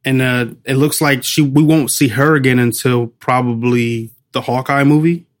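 A man's voice: medium pitch, fairly even intonation, moderate pace. Chatty man co-hosting a movie podcast. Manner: chatty, laughs often, trails off searching for names. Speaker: podcast co-host. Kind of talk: casual movie review chat.

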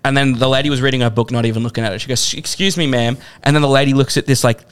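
A man's clean, medium-pitched voice races along at a very fast pace. Co-hosting a podcast, he tells a funny story full of laughter and liberal swearing, animated the whole way.

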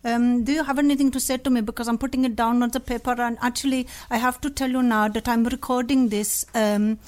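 Prank caller: a woman faking an officious Indian-accented complaints officer, high voice, halting delivery. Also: steady tone, a little mellow, lightly acted. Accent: put-on Indian accent. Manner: stern, bureaucratic, full of hesitations. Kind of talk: prank phone call.

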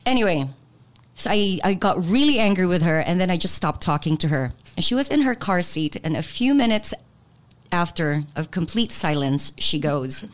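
A woman's voice: on the low side, normal speed. Candid woman telling stories. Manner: candid, animated storytelling. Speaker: podcast co-host. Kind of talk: casual chat.

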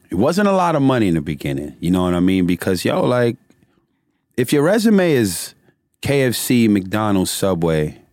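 A man's voice: deep voice, no room sound, clean studio sound. A middle-aged man telling his story in casual, profane conversation and laughing often as he talks.

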